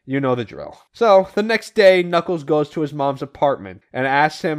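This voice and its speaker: Man, slightly higher voice, casual comic recap, animated retelling, podcast co-host. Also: normal speed, few pauses.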